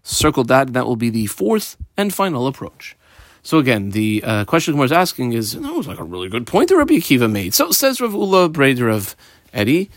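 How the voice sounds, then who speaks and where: A man leads a Talmud class, reading Aramaic phrases and explaining them in casual English while he marks up his page. His pitch moves a lot as he teaches. The recording is dry and close. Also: fairly bright tone, no echo.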